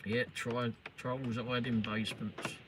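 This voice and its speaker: A man's voice: mid-range voice, flat delivery, slow. A middle-aged English man hosting a live stream, chatting casually and sarcastically with viewers and teasing trolls. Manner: sarcastic, swears and teases trolls. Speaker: livestream host. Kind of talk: casual chat replying to live comments. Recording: noisy live stream audio.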